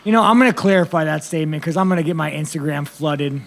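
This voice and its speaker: A man with a slightly high, gravelly voice rattles off rough press-conference answers. He is blunt and profane and rambles from one thought to the next. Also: quick pace, fairly bright tone.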